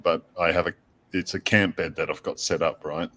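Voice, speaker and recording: Deep-voiced man, relaxed casual talk. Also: moderate pace. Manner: relaxed, many "you know" fillers. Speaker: host. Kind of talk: casual chat.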